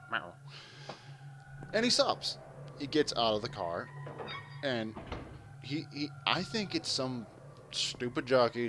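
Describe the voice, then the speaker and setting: Over slight background noise, this medium-pitched man plays a game and spins a long, meandering yarn packed with swearing. He's a gameplay commentator and a lively, profane, rambling storyteller, chatting casually as he plays.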